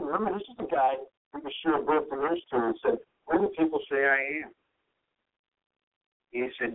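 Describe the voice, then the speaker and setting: A man's voice: fairly high pitch, phone-quality sound. A man preaching a sermon, reading scripture, acting out its quoted lines and talking to listeners in a conversational, joking way. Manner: conversational, with jokes and asked questions. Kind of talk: sermon, Bible teaching.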